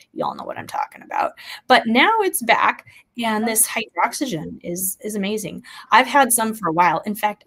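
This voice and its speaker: A woman's voice: medium pitch, slightly rough, low-quality recording. A woman hosting a livestream, chatting loosely in a stream-of-consciousness way about health tips. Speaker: host. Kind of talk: casual health talk on a livestream.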